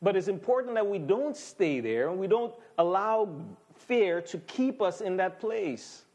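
Fairly high-voiced man preaching a sermon. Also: lively intonation, measured pace, a little mellow. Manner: emphatic, conversational preaching with repeated calls to listen. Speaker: pastor.

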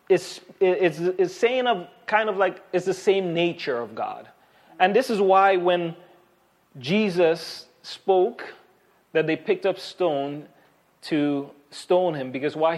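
A man preaching a Bible sermon in a conversational way, with frequent restarts and fillers. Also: on the high side. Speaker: pastor.

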